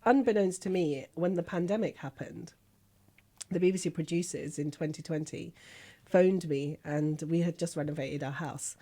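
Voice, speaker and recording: A woman's voice: sits low, moderate pace, dark tone. Frank, chatty middle-aged woman doctor. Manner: chatty, frank and humorous, recounting anecdotes with self-deprecating asides. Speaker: guest, family doctor. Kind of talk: conversational storytelling.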